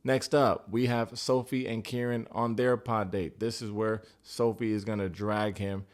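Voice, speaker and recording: A man with a fairly low voice who hosts a comedic TV recap. He talks in a casual, profane, joking way, full of sarcastic asides. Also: flat delivery, a little slow. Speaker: recap show host.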